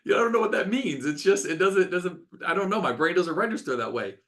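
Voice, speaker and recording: A man's voice: sits high, expressive, fairly quick, a bit bright. A middle-aged man, a doctor hosting a webinar, talking with passion, ranting and repeating words for emphasis.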